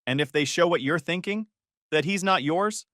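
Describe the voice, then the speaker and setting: Brief: a male narrator puts on an enraged, tearful young mum, pitched up and yelling. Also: moderate pace, no echo, clean studio sound, close to an everyday voice. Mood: cold. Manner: screaming, sobbing accusations. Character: furious tearful young mother.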